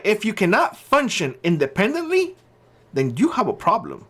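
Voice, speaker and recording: A man's voice: high voice, wildly swooping pitch, moderate pace, a bit bright. A man hosting his own channel, giving blunt opinion commentary and hammering his points by repeating short phrases. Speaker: channel host.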